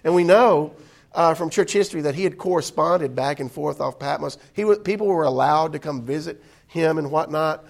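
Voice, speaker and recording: Man leading a Bible class, fairly high voice, relaxed and chatty, full of um and uh. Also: moderate pace, gravelly. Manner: conversational, with frequent fillers and restarts. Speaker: Bible study teacher. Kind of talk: casual classroom teaching. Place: indoor meeting room.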